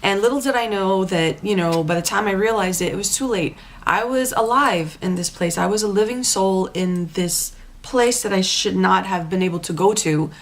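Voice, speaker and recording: Woman telling a frightening dream story. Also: mid-range voice. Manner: animated, halting with many restarts and repeats. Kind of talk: casual personal storytelling.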